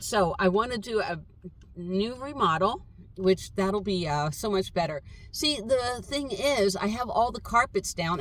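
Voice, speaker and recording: Woman van-life vlogger, chatty and wandering, fills pauses with uh and um, talking to camera inside her van. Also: fairly low pitch. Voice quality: voice others compare to a chatty cartoon fish. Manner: meandering, thinking aloud with many uh and um fillers. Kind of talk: casual rambling chat to camera.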